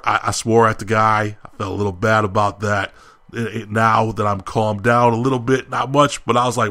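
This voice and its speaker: A young man co-hosting a podcast tells a story in a casual way, and he gets heated and ranting as he goes, quoting people's shouting. His voice is medium in pitch and his pace is normal.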